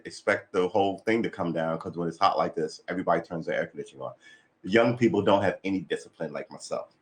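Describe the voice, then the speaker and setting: Man, very low voice, livestreamer, offhand rambling chat, tired and cranky. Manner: rambling, offhand, sighs and restarts. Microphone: desk mic being adjusted.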